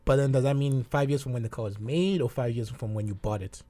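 A man's voice: mid-range voice, quick pace, mellow. A man from Malawi in casual chat, blunt and freely swearing.

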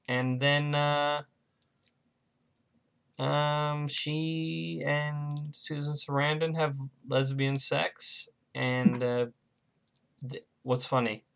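A man co-hosting a casual podcast, retelling a film's plot in a rambling way with many fillers. His voice is bright and tense. He jokes with his co-host as he goes. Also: a little high, little pitch movement, extremely slow, vocal fry, clear, resonant tone. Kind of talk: casual chat.

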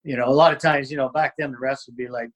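A man's voice: mid-range voice, steady tone, fast talker, rough recording. A man, a former hockey player, telling stories in a casual interview, rambling with lots of fillers and restarts.

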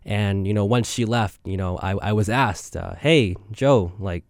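A man's voice: fairly low pitch, steady tone, normal speed, creaky, no echo, studio quality. A young man hosting a student podcast, speaking casually and rambling with many fillers and self-deprecating asides. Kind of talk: casual spoken intro.

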